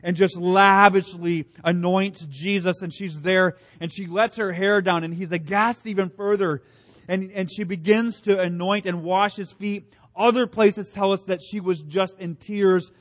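Earnest preacher with a high voice. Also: male voice, fairly even intonation, unhurried. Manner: earnest, emphatic, with rhetorical questions and repeated phrases. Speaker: pastor. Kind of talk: sermon.

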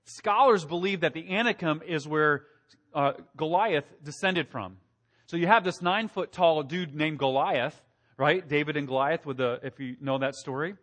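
A man preaching a sermon, animated, asking the congregation questions and acting out quotes in a raised voice. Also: a little high, normal speed. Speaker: pastor.

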